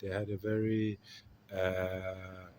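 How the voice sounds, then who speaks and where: German-accented man, rambling and low-pitched. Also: little pitch movement, slow pace, slight background noise. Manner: rambling, with restarts and swings between loud and quiet. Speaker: podcast host. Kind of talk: casual monologue.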